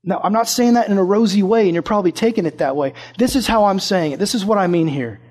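A man's voice: sits high, fast talker, a little mellow. A young man preaching a casual sermon, telling a personal story with acted-out quotes.

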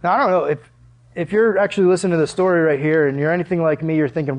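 A man's voice: a little high, racing. Earnest young male preacher. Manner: earnest, conversational, with rhetorical questions. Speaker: pastor. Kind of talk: sermon.

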